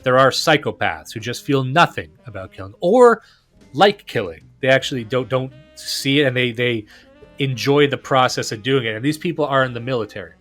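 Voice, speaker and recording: A man's voice: mid-range voice, animated, fairly quick, fairly bright tone, faint music behind. A man hosting a podcast, talking casually and enthusiastically, often restarting and repeating words. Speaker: podcast host.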